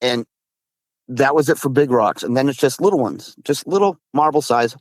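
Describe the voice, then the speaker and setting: Excitable man telling a story. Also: medium pitch, moderate pace, dry recording. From Massachusetts. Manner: excitable, swears, says dude a lot, frequent restarts. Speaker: guest recounting encounters. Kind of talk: casual storytelling.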